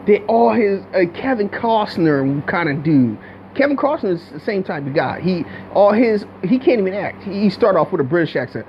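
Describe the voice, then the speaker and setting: Man, high-pitched voice, blunt profane rant, muffled lo-fi sound, faint hum behind. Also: big pitch swings, normal speed. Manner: blunt, profane, rambling, with many restarts. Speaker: video commentator. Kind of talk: unscripted commentary rant.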